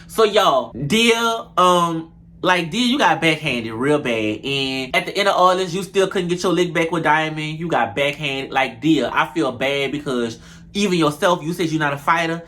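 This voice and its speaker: A young man, reviewing a reality show episode in animated, profane, gossipy casual chat. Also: on the high side, normal speed. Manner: animated, profane, gossipy, addresses viewers as y'all.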